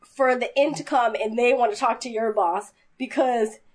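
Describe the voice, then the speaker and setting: Casting note: woman, slightly high voice, lively storyteller in a casual chat. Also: moderate pace. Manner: animated, quotes people in voices.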